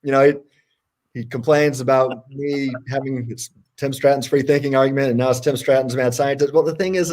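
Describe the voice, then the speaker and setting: A man co-hosts a casual livestream debate, his pitch leaping up as he presses his points. His tone is sarcastic and playful, and his voice sits at an ordinary pitch. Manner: animated and sarcastic, jumps in pitch for emphasis. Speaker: co-host.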